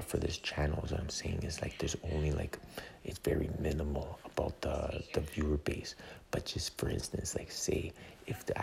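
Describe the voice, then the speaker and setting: Podcast host, male, rambling in a hushed whisper, very low creaky voice, recorded in a busy movie theater. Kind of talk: whispered casual chat. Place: movie theater during a film. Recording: crowded room, movie audio behind. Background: crowd chatter.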